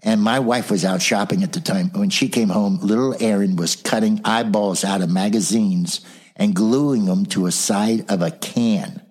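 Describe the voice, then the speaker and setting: An older man tells lively stories from his years as a motivational speaker and trainer. His voice is low and husky. He acts out the people in his anecdotes, shifting into their voices as he goes. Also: normal speed. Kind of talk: storytelling in a casual interview.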